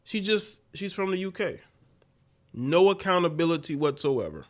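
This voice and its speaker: A man's voice: a little high, animated, moderate pace. A man hosting a live stream, talking in loose, repetitive slang. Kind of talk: casual commentary.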